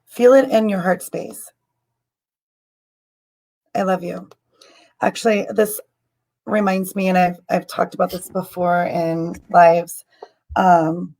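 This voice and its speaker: A woman hosting a live stream as a spiritual healer, guiding a meditation in a soft, halting, emotional way with many ums, and she is tearful. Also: lowish voice, creaky, low-quality recording. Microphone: computer mic on a live stream.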